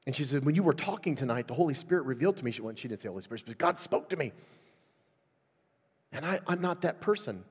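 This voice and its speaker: A middle-aged man preaching at a revival, telling stories and building to loud, fervent exhortation. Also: mid-range voice, animated, quick pace, husky. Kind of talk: sermon. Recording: long hall reverb.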